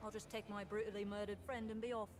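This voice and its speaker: A woman's voice: medium pitch, little pitch movement, fast, lightly acted. Give me a woman playing a sardonic young British woman, dry and teasing. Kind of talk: video game voice acting.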